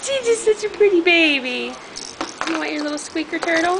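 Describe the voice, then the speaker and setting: A woman's voice: extremely high pitch, lively intonation, brisk, creaky. A woman cooing in sing-song baby talk to her babies at bath time, filmed on a home camcorder. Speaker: mother filming her babies. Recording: noisy home camcorder audio.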